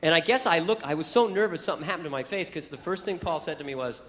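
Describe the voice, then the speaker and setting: A male stand-up comedian telling a story, animated and self-deprecating, often bursting into voices. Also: fairly high pitch, fast talker. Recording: live hall with crowd laughter.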